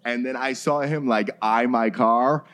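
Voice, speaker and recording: A man's voice: medium pitch, steady tone, measured pace, fairly bright tone. A man riffing in casual comic banter, heavy on slang like "bro" and "dude". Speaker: comedian.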